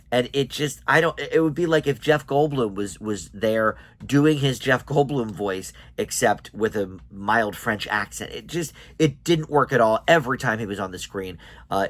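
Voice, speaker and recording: Male show host, lowish voice, casual and hesitant TV reviewer with frequent filler words. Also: a bit bright. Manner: chatty and hesitant, full of ums and restarts.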